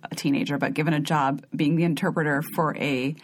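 A woman's voice: low-pitched, fairly even intonation, fast. An American woman hosting a podcast, chatting casually and asking follow-up questions. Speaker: podcast host. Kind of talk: casual interview chat.

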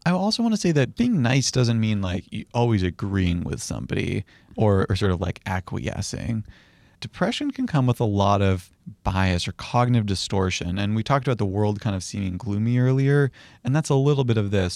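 A young man calmly teaching psychiatry interview skills, acting out gentle example phrases as he explains. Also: mid-range voice, moderate pace, no room sound, clean studio sound. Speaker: psychiatry educator. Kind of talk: conversational teaching.

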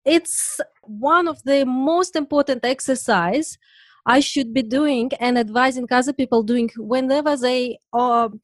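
A woman's voice: high voice, a little slow, no echo. A woman co-hosting a podcast, asking questions and reflecting earnestly. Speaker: podcast co-host. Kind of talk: podcast interview.

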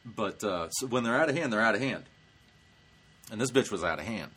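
A man's voice: lowish voice, animated, a little fast, fairly bright tone, husky. A male stand-up comedian hosting his show, telling a story in a brash, profane way. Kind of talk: comic storytelling vlog.

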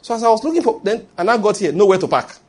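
A middle-aged man with a Nigerian accent, preaching a sermon and telling lively stories with acted quotes. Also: high-pitched, rapid-fire, breathy edge. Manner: animated storytelling preaching with acted quotes and pidgin asides. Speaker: pastor.

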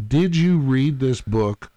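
A man co-hosting a book podcast, with measured, dry humor. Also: mid-range voice, lively intonation, dark tone, no echo. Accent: American. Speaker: podcast co-host. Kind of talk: casual book-club chat.

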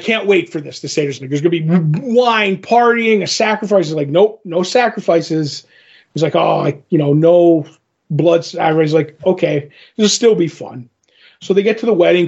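Gravelly animated man on a podcast. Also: on the high side, normal speed, lo-fi sound. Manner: animated retelling, acting out characters' lines. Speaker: podcast co-host. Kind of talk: casual comic book chat.

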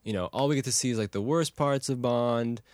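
A man talking casually about a film on a podcast, circling his point with lots of "you know" and "like". His voice sits at a middling pitch for a man. The recording is close and dry, with little room sound. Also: fairly quick, darkish tone, no echo. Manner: rambling, many "you know" fillers. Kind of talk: casual movie-review chat.

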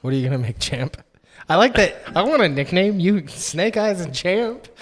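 A man's voice: high voice, big pitch swings, moderate pace, long reverb tail. A man co-hosting a podcast in casual chat, joking with friends and reading food lists aloud. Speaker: podcast co-host.

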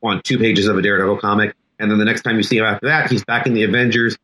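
A man's voice: fairly low pitch, level tone, very fast, sharp tone, slight background noise, rough recording. A man co-hosting a podcast who also teaches, talking in a casual but emphatic, lecturing way. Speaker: podcast co-host. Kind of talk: casual discussion.

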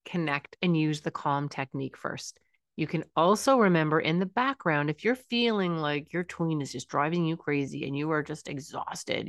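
Earnest low-voiced woman giving parenting advice. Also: no echo, studio quality. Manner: earnest, reassuring, acts out parent lines. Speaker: parenting podcast host. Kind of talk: advice monologue.

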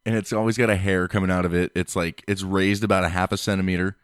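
A man's voice: low-pitched, little pitch movement, fast, smooth, dry recording, clean studio sound. A man as a podcast guest, telling crude stories in a laid-back casual chat.

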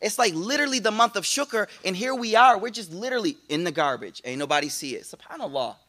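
A man gives an animated religious talk in a high, bright voice. He preaches in casual slang, restarting his sentences often and tossing in playful asides to the room. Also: fast. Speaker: Islamic teacher. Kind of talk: lively religious talk to a congregation.

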